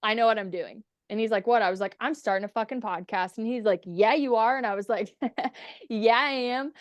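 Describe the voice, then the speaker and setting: A young woman who swears freely as she tells her stories as a podcast guest, switching into the voices of the people she quotes. Her voice is smooth and clear at a middle pitch, recorded dry and close. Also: a little fast, dry recording. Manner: candid, profane, acts out quoted dialogue. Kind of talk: casual storytelling interview.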